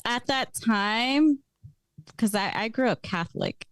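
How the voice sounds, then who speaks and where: A young adult woman telling stories as a podcast guest in casual chat, lively and laughing often. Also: on the high side, measured pace, no echo.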